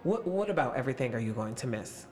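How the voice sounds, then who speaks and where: A man's voice: mid-range voice, very animated, quick pace, a little mellow. Upbeat playful man in his late twenties. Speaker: actor interviewing young castmates. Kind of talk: casual backstage interview.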